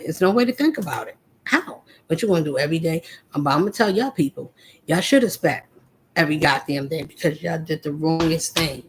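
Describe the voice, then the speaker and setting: Woman, husky voice, preachy, confrontational, spiritual monologue, talks right at the listener. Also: sits low. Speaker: vlogger.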